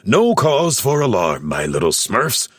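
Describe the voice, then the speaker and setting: A wise, reassuring old Smurf elder, as a man voices him for a storybook. He speaks a little higher than the man's own low voice and mulls things over aloud. The sound is dry and close. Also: big pitch swings, measured pace, slightly rough, no echo.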